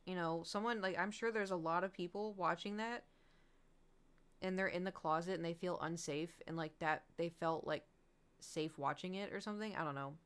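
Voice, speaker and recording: Smooth-voiced woman streamer chatting candidly. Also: lowish voice, moderate pace, fairly bright tone. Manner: rambling, candid, swears freely, laughs often. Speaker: livestreamer. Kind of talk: casual chat.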